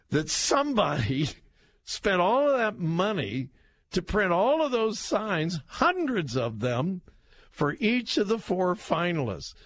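Slow, mocking male talk radio host. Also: sits high, a bit bright, no room sound, clean studio sound. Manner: mocking, laughs while talking, drawn-out emphatic delivery. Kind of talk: political talk radio commentary. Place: radio studio. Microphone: studio microphone.

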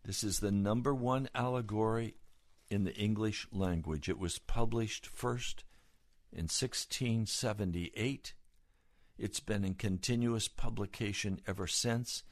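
A male preacher delivering a sermon, speaking slowly and gravely before building into fervent, pleading appeals. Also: on the low side, dry recording, studio quality.

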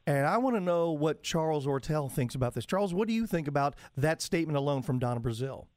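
A man's voice: fairly high pitch, animated, quick pace, a little mellow, no echo. A man co-hosting in a radio studio, putting a long, pointed question to a guest. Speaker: radio co-host. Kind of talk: talk radio discussion.

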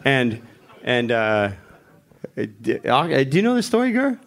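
A middle-aged man, a panel guest at a live Q&A, retelling a story with animated, chuckling delivery. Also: medium pitch, a little slow.

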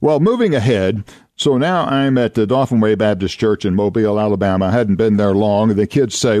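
An older man spins folksy tales as a radio host, chuckling now and then and slipping into the voices of the people in his stories. His voice sits fairly low, and the recording is close and dry with no room sound. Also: fairly quick, a little mellow, no echo. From Oklahoma. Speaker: radio host and former youth minister. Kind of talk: folksy anecdotal storytelling.

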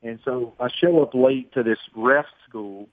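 A man's voice: mid-range voice, measured pace, dry recording. A man, a sportscaster guest telling self-deprecating stories in a phone-in radio interview. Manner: storytelling, self-deprecating, chatty. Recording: tinny phone line.

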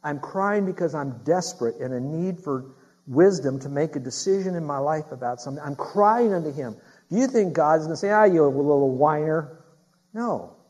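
A man preaching a sermon as pastor, talking straight to his congregation with questions and building to loud, emphatic preaching. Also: on the high side, expressive, moderate pace, breathy edge.

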